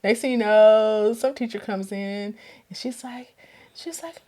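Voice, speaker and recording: As a guest in a casual conversation, a woman with a slightly high voice recounts a personal story at normal speed. Her telling is animated, and she laughs as she performs the quoted voices of others.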